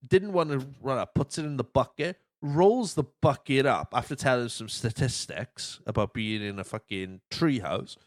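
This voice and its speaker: A male podcast host tells stories in a casual chat, swearing a lot and acting out quotes. His voice sits at a medium pitch and moves at a moderate pace with hardly any pauses. The sound is clean studio audio with no echo.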